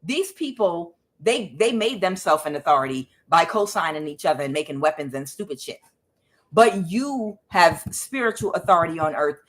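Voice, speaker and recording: A woman's voice: lowish voice, a bit bright. A woman tarot reader giving a casual, emphatic spiritual reading, preachy and blunt, with some swearing.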